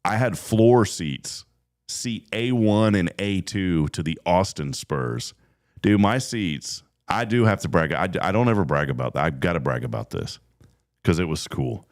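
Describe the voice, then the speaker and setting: A man hosting a morning radio show, telling stories in quick, animated bursts and laughing often. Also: sits low. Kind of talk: casual radio chat.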